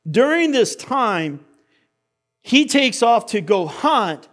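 High-voiced man preaching with lively storytelling. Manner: animated storytelling, repeats words. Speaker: pastor. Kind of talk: sermon.

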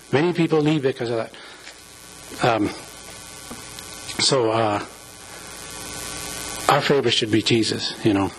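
A man with a husky, slightly breathy voice preaches in a church, his delivery halting and full of restarts as he talks earnestly. He sounds moved, close to tears. A low mains hum sits under the recording. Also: rough recording. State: emotional, near tears. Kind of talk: informal sermon.

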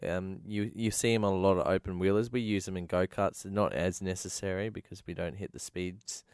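A man's voice: low-pitched, steady tone, fairly quick, darkish tone, clean tone, no echo, clean studio sound. A man, co-hosting a casual chat and explaining technical details with plenty of fillers. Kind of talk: casual chat about motor racing.

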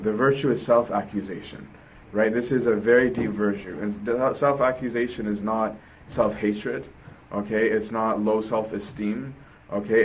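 A man's voice: on the low side, slight background noise, rough recording. A man giving a sermon in a conversational way, often ending his points with a questioning "right?". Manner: conversational, keeps asking "right?". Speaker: preacher.

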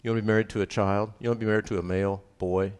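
A man's voice: on the low side, little pitch movement, rapid-fire, darkish tone, clean tone. A middle-aged man preaching a sermon on marriage, emphatic and joking, repeating his key lines. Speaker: pastor.

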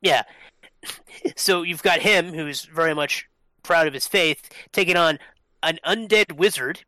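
A man with a slightly high, bright, forceful voice explains at length in relaxed podcast chat. He talks loosely, with plenty of fillers and some swearing. The sound is dry and close. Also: a little slow, no echo. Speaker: podcast co-host. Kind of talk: casual chat.

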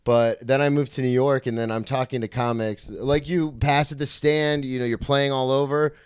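Chatty male podcast host, smooth voice. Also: medium pitch, steady tone, moderate pace, dry recording, clean studio sound. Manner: chatty, laughs often. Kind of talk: casual chat. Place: apartment.

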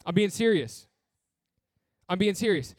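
A man's voice: sits high, animated, unhurried, dry recording, clean studio sound. A man preaching a sermon as pastor, earnest and blunt, with touches of humor and repeated phrases.

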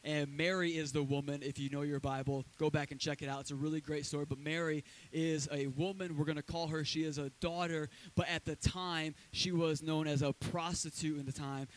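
A man preaching a sermon as a pastor in a church, talking in a loose, conversational way with lively asides. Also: on the high side, a little fast, hardly any pauses, slight background noise, low-quality recording. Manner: conversational, energetic preaching with asides and acted quotes.

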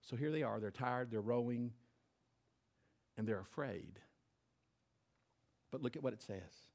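A male pastor preaching a sermon on a stage mic, swinging between loud emphatic bursts and quiet, intense lines. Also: mid-range voice, unhurried, gravelly.

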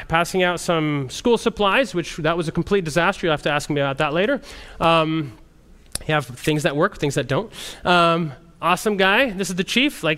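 Lively high-voiced male missionary storyteller. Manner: animated storyteller, frequent restarts. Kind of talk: storytelling testimony talk.

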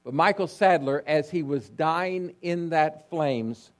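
Dramatic male preacher, higher voice. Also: takes it slowly. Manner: dramatic storytelling, swinging between hushed and loud. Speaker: pastor. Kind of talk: sermon.

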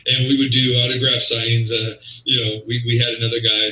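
A man with a medium-pitched voice speaks briskly, animatedly telling a story in an interview and acting out the quotes of the people in it. He is a wrestling promoter, and the recording sounds roomy, with him far from the mic.

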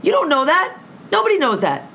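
This guest storyteller, a woman with a high, bright, forward voice, describes a confrontation at a brisk clip, her pitch swinging hugely. The heated, casual account is packed with swearing as she energetically voices both sides. Light background noise sits beneath her.

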